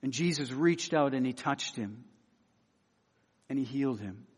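A man preaching a sermon, earnest and emphatic, repeating key phrases and dropping softly into pleading quotes. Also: medium pitch, animated, a little slow, slightly rough, in a large hall.

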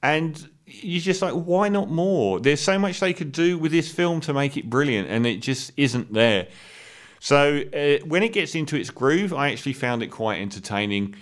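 A man in a casual film review, with a voice sitting at an ordinary middle pitch. He talks in a candid, opinionated way, stumbling over fillers and restarting sentences as he works out his verdict. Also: expressive, moderate pace, a bit bright. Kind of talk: casual spoken movie review.

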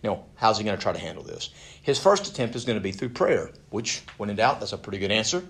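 A man's voice: on the low side, very animated, fast, vocal fry. A man teaching a Bible passage to a group in a conversational way, often asking them questions and repeating words as he restarts. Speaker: Bible study leader.

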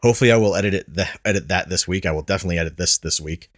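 Self-mocking podcast host, lower voice. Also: male voice, rapid-fire, no echo, studio quality. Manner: rambling storyteller, laughs at himself often. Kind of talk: casual chat.

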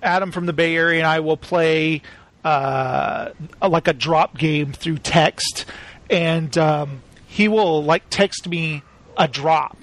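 A man hosting a casual podcast, telling animated stories and slipping into quick voice impressions. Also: fairly high pitch. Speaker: podcast host.

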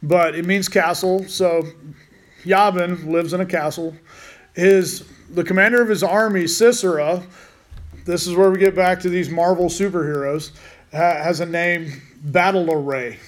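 A man's voice: high-pitched, fairly even intonation, unhurried. A man teaching a Bible study in a casual way, with rambling, joking asides.

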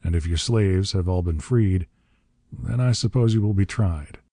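A man voicing a calm, commanding hero who speaks quietly and deliberately in a story reading. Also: low voice, no room sound, studio quality. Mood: cool.

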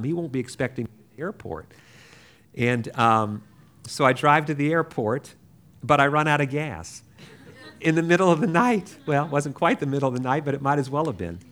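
A man's voice: fairly high pitch, fairly bright tone. A man in his sixties telling a personal faith story in a rambling, chatty way as a preacher.

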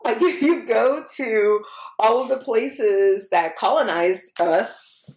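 A woman from Texas in casual conversation, animated, acting out voices in her stories and laughing as she talks. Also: fairly high pitch, slow, echoey room. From Texas, USA. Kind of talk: casual chat.

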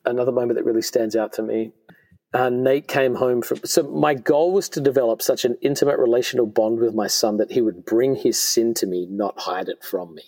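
An earnest man in his forties speaks as a podcast guest, sharing personal stories with heartfelt sincerity. His voice sits at an ordinary middle pitch, and his phrases often stop and start again mid-thought. He sounds conversational rather than scripted. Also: steady tone, a little fast, a little mellow. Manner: earnest and heartfelt, with frequent restarts. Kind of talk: conversational storytelling. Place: podcast studio.

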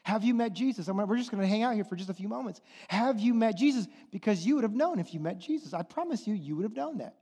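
High-voiced man preaching with fiery passion. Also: expressive, fast, hardly any pauses, breathy edge. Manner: impassioned, swings from hushed to near-shouting. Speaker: pastor. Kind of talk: sermon. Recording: long hall reverb.

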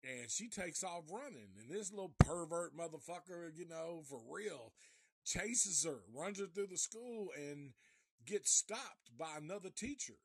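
Profane, slow-talking man retelling a movie. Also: fairly high pitch, slightly rough. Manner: profane, animated storytelling. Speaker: movie reviewer. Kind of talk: live casual movie review, retelling the plot.

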